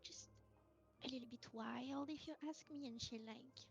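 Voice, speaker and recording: A woman's voice: sits high, normal speed, creaky, faint music behind. A woman playing a polite, unsure female adventurer with a French accent in a tabletop role-play, hesitating and searching for words. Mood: hesitant. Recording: dull lo-fi mic.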